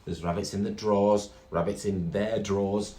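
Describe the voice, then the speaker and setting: A man reading a story aloud to children, animated and full of gasps and exclamations. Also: on the low side, normal speed, a little hiss or hum. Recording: echoey room with faint guitar.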